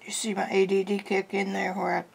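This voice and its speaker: A woman teaching a casual drawing lesson, chatty and unhurried, thinking aloud as she works at her desk. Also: medium pitch, monotone, gravelly, husky. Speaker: art teacher.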